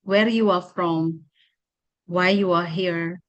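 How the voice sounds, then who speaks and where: A woman with an Indonesian accent presenting a teacher-training workshop, guiding a mindfulness exercise with slow, repetitive instructions and many pauses. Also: on the low side, steady tone, dull audio. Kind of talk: guided mindfulness workshop talk.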